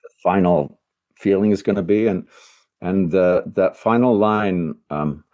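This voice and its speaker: A man's voice: deep voice, unhurried, warm tone, lo-fi sound. An older man, a voice actor guest, answering interview questions in an earnest, reflective way, often searching for words.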